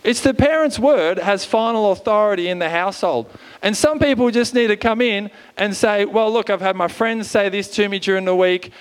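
A man, preaching a sermon from a church stage with lively energy, often urging "come on.". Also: sits high, normal speed, clean tone. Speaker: pastor.

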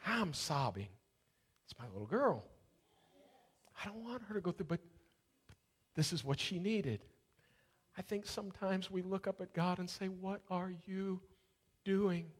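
Pastor, male, high-pitched, storytelling sermon that swells into fervent preaching. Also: sing-song, normal speed, long pauses, breathy edge.

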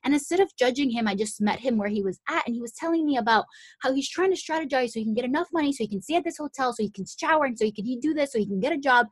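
A woman's voice: high-pitched, expressive, very fast, breathy edge, no room sound. A young adult woman hosting a podcast, telling a personal story in a casual, chatty way, full of "like" and "um" and frequent restarts. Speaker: podcast host.

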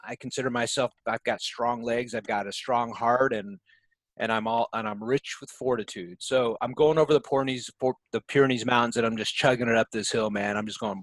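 A man telling a story at mid pitch on a dry, close recording. He rambles and restarts his sentences as he talks. Later he slows into reflective remarks. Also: dry recording, low-quality recording. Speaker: podcast guest. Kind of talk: casual storytelling.

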